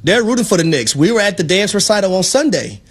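A man co-hosting sports talk radio with a high, swooping voice. He preaches playfully and tells his stories with exuberant, animated quoting. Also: quick pace, husky.

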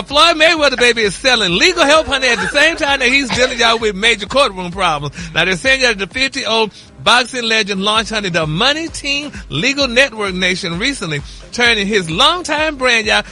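A man's voice: sits high, sharp tone. A man delivering celebrity gossip on a radio show, flamboyant, calling everyone honey and y'all. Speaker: celebrity news reporter.

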